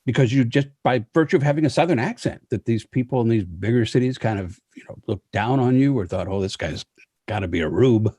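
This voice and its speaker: A man hosting an interview, asking measured questions with frequent pauses and fillers. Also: mid-range voice, warm tone, dry recording. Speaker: interviewer, host.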